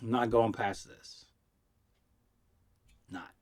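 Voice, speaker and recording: A man who is high, telling stories in a loose, rambling vlog monologue, swearing and giggling as he goes. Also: steady tone, extremely slow, husky. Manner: profane storytelling with acted quotes. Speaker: vlogger reviewing vapes.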